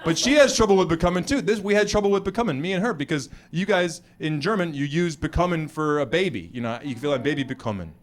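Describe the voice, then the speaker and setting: American man doing animated stand-up. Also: on the high side, quick pace, hardly any pauses. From United States. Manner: animated, acts out voices of others. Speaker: stand-up comedian. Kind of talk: stand-up comedy. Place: comedy club stage before a live audience.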